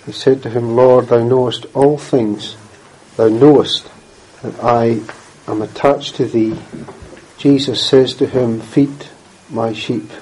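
A man preaching in a slow, deliberate cadence with a mellow, dark tone. He reads scripture plainly and earnestly, pausing to clear his throat and cough. The sermon unfolds unhurried. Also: mid-range voice, fairly even intonation, slight background noise, poor audio.

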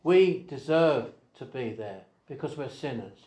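A man preaches in a roomy, echoing hall at a middle pitch. He asks his listeners one rhetorical question after another. He drops to quiet asides and then rises to firm emphasis. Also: animated, unhurried. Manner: rhetorical questions, swings between soft asides and raised emphasis. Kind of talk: evangelistic sermon. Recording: echoey hall.

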